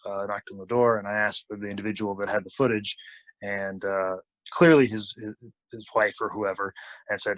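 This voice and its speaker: A man's voice: lowish voice, fast, dry recording, low-quality recording. A man telling a long anecdote as an interview guest, acting out the people he quotes. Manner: animated, acts out quoted lines. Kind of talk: casual storytelling.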